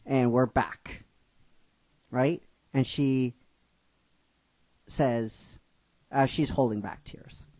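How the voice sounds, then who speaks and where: A man retelling a fan-written story in an emotional storytelling recap, halting and restarting his phrases. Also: medium pitch, steady tone, darkish tone, dry recording, low-quality recording. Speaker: narrator retelling a fan script.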